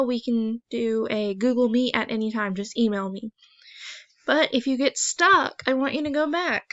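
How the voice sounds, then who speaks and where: A woman teacher talking students through an online phonics assignment, gentle and encouraging, step by step. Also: fairly high pitch, no echo. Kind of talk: recorded online lesson walkthrough. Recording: dry, slightly dull screen recording.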